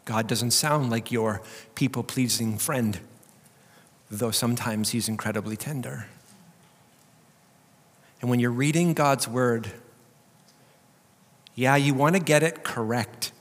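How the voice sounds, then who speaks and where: A man's voice: mid-range voice, slow, long pauses. Man preaching in a reverberant hall. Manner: dynamic, swings from loud preaching to quiet emphasis. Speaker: pastor. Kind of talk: sermon.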